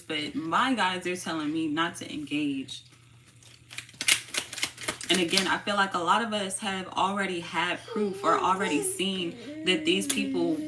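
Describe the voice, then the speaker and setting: A woman's voice: lowish voice, pushed and bright, slight background noise. A woman giving a casual, slangy tarot reading, stressing her points by repeating phrases. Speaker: tarot reader.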